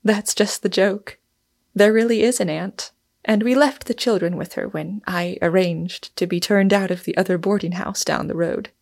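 A woman's voice: mid-range voice, moderate pace, gravelly, darkish tone. A woman reading a novel aloud, voicing a hearty, plain-spoken young wife who talks lightly and bluntly. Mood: brisk.

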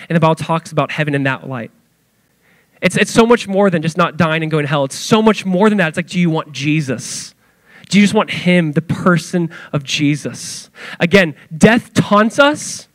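High-voiced man preaching. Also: a little fast, no room sound. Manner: animated preaching, acts out quoted voices. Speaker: pastor. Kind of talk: sermon.

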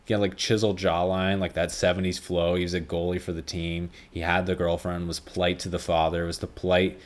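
A man's voice: sits low, flat delivery, brisk. A man hosting a casual solo podcast, rambling with lots of fillers and swearing freely. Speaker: podcast host.

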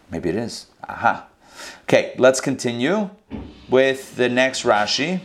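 A man's voice: medium pitch, very animated, measured pace. Man casually teaching a scripture lesson. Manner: conversational, explains with asides and restarts. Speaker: Torah teacher. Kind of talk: casual verse-by-verse Bible lesson.

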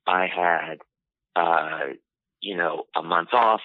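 A man telling a personal story in an interview, unhurried and full of "you know" fillers. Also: sits low, no echo. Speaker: interview guest. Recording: tinny phone-line audio, dry.

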